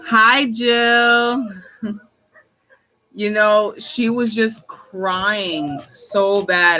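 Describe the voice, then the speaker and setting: Female channel host, slow casual rambling chat, lots of filler. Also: on the low side, fairly bright tone, poor audio. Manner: rambling, repeats "like", laughs often. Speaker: intuitive reader and channel host.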